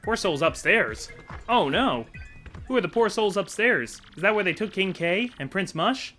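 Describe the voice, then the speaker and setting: A man's voice: sits high, lively intonation, moderate pace, sharp tone, faint music behind, pitched above the performer's own voice. A man voicing a shy, awkward young male turtle sidekick in an eager, slightly raised voice during a game playthrough. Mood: worried, flustered. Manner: nervous, eager, lifted inflection.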